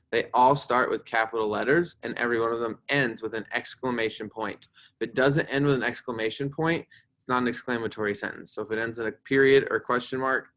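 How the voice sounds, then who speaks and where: Man teaching fourth graders a grammar lesson. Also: medium pitch. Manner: acts out example sentences with loud excited emphasis. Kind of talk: recorded online grammar lesson.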